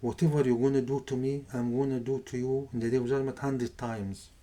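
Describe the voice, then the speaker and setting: A man voicing a calm, defiant old scholar. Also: medium pitch, fairly quick, close to an everyday voice.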